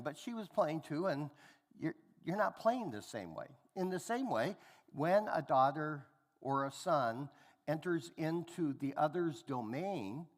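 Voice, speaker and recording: In a church hall with a big-room sound, a pastor with a slightly high voice preaches a sermon. He animatedly tells family stories, acting out the voices of the relatives in them.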